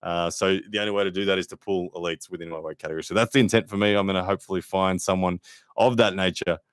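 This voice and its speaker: A man's voice: sits low, fairly even intonation, fast, no room sound, clean studio sound. A man hosting a casual live stream, chatting to viewers and reading out their comments with frequent fillers. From Australia. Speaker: livestream host and arm wrestler.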